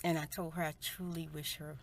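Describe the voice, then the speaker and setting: A middle-aged woman in a soft-spoken personal storytime, heartfelt and spiritual, talking to viewers as "you guys" and "y'all" on a close mic indoors. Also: low voice, little pitch movement, a little fast. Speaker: ASMR storyteller. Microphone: close mic for eating sounds.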